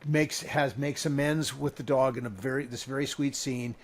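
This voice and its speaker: A man in his sixties co-hosting a podcast, summing up the plot in a steady, measured way. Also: medium pitch. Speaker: podcast co-host. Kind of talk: casual chat recap.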